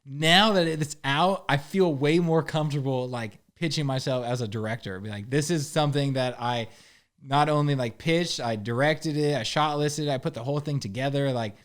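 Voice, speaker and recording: A young man talks easily as a podcast guest, in an ordinary middle pitch. He is laid-back and loose, leaning on "like" and "bro" and putting on little voices for the people he quotes. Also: moderate pace. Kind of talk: casual chat.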